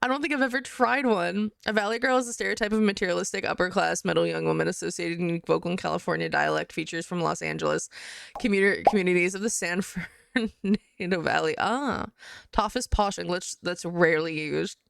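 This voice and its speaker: Gravelly, giggly woman streamer. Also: on the low side, brisk, a bit bright, no room sound, studio quality. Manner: chatty, giggly, reacting to chat. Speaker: livestream host. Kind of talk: casual livestream chat.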